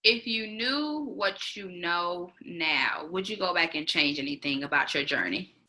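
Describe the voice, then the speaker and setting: A woman interviewer whose voice sounds very bright and sharp, sitting a little low in pitch. She asks long, searching questions in a casual tone. She acknowledges each answer with a quick "gotcha". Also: animated, rough recording.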